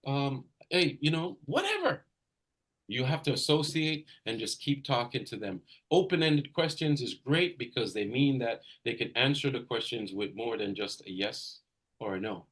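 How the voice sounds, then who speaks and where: A man's voice: medium pitch, normal speed, fairly bright tone, husky. A man coaching real estate agents in a live video session, talking energetically with emphatic bursts and repeating his points. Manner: repeats points for emphasis, direct address to a trainee.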